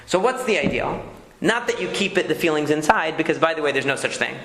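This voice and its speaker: Gravelly-voiced man teaching in an echoey room. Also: on the high side, expressive, fast talker, a bit bright. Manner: conversational teaching, frequent "okay?" checks. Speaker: rabbi. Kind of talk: lecture on marriage communication.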